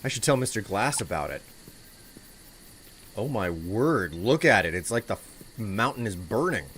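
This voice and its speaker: A man's voice: on the low side, big pitch swings, moderate pace, fairly bright tone, slight background noise. A man streaming a game live, chatting casually and thinking aloud as he plays. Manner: casual, rambling, thinking aloud while playing. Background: game music.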